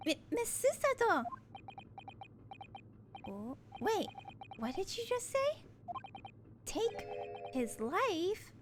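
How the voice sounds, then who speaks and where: A woman's voice: very high voice, sing-song, very slow, long pauses, noisy background, pitched above the performer's own voice, exaggerated voice. A woman voicing a confused young male hero of a video game, in a bewildered, flustered read close to her own voice.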